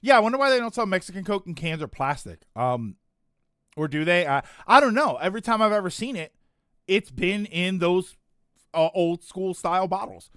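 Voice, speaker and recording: Casual male streamer, higher-pitched, meandering and self-correcting delivery, dry close mic. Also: expressive, moderate pace, a bit bright, smooth, dry recording. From United States. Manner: rambling, self-correcting, chuckling asides. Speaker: streamer chatting with viewers. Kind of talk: casual chat reading chat comments.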